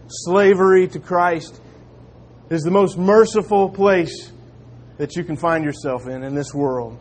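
Earnest high-voiced preaching man. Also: unhurried, slight background noise. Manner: earnest preaching, dropping to quiet emphatic lines. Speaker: pastor. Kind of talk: sermon.

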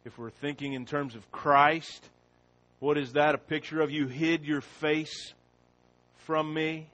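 A man preaching a sermon. He opens with a prayer, then reads scripture slowly and with rising force. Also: fairly high pitch, flat delivery, rough recording. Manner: slow and deliberate, rising loud when reading scripture.

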